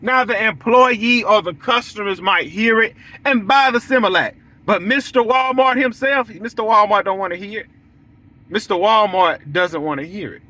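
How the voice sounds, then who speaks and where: A man's voice: high-pitched, normal speed, bright, forceful tone. A young man who runs a lawn care business, talking straight to his viewers in a blunt, preachy, repetitive way. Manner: preachy, repetitive, blunt, acts out quoted lines. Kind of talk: casual monologue to the audience.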